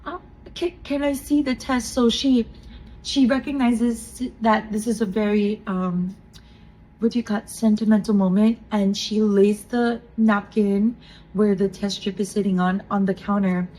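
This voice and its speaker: A woman in her thirties co-hosting a faith podcast, telling a personal testimony in an earnest, emotional way with soft laughs. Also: mid-range voice, fairly even intonation, measured pace, rough recording. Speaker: podcast co-host.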